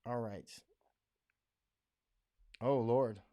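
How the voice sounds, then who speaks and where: A man's voice: medium pitch, fairly even intonation, very slow, muffled recording. Blunt, rambling American man livestreaming. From United States. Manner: rambling, blunt, laughs often, mocking voices when quoting others. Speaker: livestream host answering viewer comments. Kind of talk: casual livestream chat. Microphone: studio microphone.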